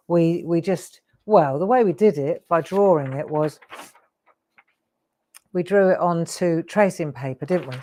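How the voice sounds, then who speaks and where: A woman's voice: sits low, darkish tone. A woman in her sixties hosting a live craft show, chatty and rambling with laughing asides. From England. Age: 60s. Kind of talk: live craft demo chat.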